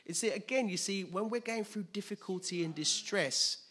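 A man preaching a sermon in an animated way, acting out scenes with sudden loud outbursts. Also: high-pitched, normal speed, breathy edge.

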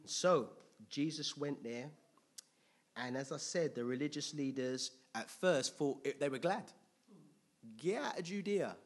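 Man, preacher, unhurried Bible teaching, repeats phrases, bursts out loud, laughs often. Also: a little high. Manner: slow, repetitive, bursts into loud excited exclamations; laughs often, digresses into personal testimony.

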